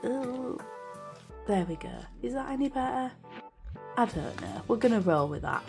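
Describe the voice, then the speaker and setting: A young British woman chatting casually as she films a vlog about her journal, rambling with fillers and quick apologies, recorded on a camera on a desk stand. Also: on the high side, expressive, darkish tone, soft background music. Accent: British English. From United Kingdom. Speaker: journaling vlogger. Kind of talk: casual chat. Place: craft room indoors.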